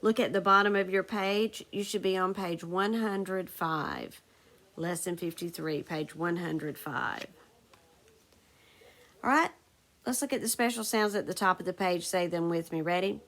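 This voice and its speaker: Gravelly-voiced woman teaching second graders. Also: on the low side, measured pace, fairly bright tone. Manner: patient, asks the class questions and answers them. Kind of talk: recorded phonics lesson.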